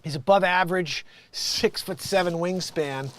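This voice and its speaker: A man's voice: a little high, lively intonation, moderate pace, hardly any pauses, fairly bright tone. A man hosting an improvised comedy show, reading the news and breaking off into jokey, rambling asides.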